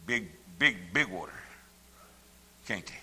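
An older man preaching a sermon, folksy and plain-spoken, his voice swelling up into shouts. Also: lowish voice, expressive, unhurried, breathy edge, big-room sound.

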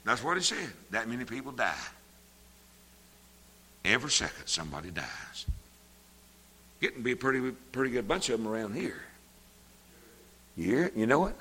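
Folksy older preacher, rising to shouts. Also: male voice, mid-range voice, very animated, normal speed, pauses often, husky, big-room sound. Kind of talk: sermon.

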